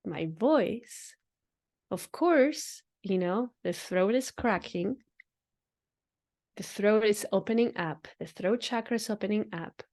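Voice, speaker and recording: A woman's voice: medium pitch, slow pace, darkish tone. Earnest woman musing on spirituality. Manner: earnest, repeats phrases, laughs often. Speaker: podcast host. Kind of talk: reflective spiritual monologue.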